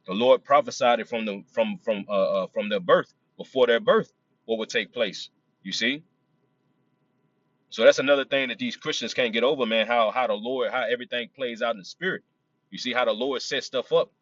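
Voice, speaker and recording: A man leading a Bible study. He reads verses slowly, then breaks off to explain them in loose, casual talk full of fillers. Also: lowish voice, fairly bright tone, no room sound, lo-fi sound. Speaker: preacher.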